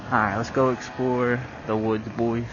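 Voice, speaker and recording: On his riding vlog, a young man talks in a flat, unhurried, medium-pitched voice while on a dirt bike along country roads. He swears often and calls the viewer bro and dude, and his small wireless clip-on mic yields muffled lo-fi sound full of wind and road noise.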